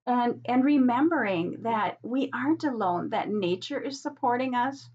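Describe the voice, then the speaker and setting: A middle-aged woman giving a gentle spiritual card reading, soft, earnest and encouraging. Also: on the high side, animated, normal speed, slightly rough. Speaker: oracle card reader. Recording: dull lo-fi sound.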